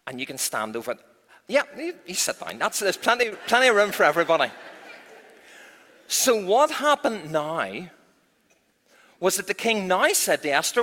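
Bright, animated man leading a children's Bible talk in an echoey church hall. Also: high voice, moderate pace, long pauses. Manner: animated, expressive storytelling.

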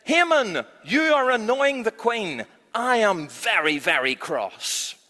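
A man's voice: fairly high pitch, very animated, moderate pace, bright, forceful tone, in a large hall. A man doing a stern angry old king. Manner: storytelling to children.

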